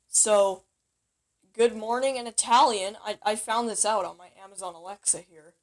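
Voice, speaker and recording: A woman's voice: medium pitch, normal speed. Woman, casual self-taught teacher, chatty and playful, trips over herself and corrects on the fly. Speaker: language teacher. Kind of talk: casual home-made lesson.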